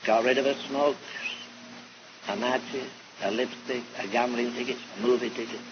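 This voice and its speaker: A male preacher telling an animated, folksy story in a sermon, heard on a dull old recording. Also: medium pitch, moderate pace, noisy background. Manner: animated, folksy anecdotal delivery.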